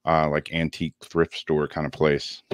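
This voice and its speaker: A relaxed man chatting on a casual livestream, his voice sitting very deep. He is losing his voice and laughs easily between thoughts. The sound is dry and close, with no room echo. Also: normal speed. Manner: laid-back, laughs easily. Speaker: co-host.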